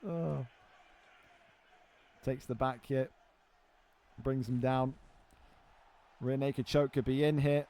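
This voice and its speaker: A young man giving live play-by-play commentary on a video game fight, excitable and swearing freely as he banters with friends. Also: medium pitch, takes it slowly, pauses often.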